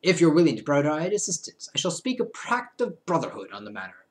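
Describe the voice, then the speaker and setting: A man's voice: on the high side, wildly swooping pitch, fairly quick. A man putting on a stern authoritarian leader. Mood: coldly formal. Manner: cold, clipped, self-assured.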